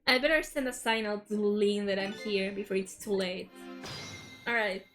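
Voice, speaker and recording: A woman's voice: medium pitch, normal speed, fairly bright tone, faint music behind. A young woman streaming a video game, chatting casually with viewers and reading the game's dialogue aloud in a bubbly way. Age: young adult. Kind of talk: casual stream chat while playing a game.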